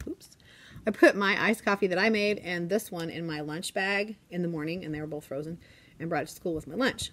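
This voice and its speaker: A woman in her forties, a teacher, chatting casually in a classroom vlog and often dropping to a hushed whisper. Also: mid-range voice, a little hiss or hum.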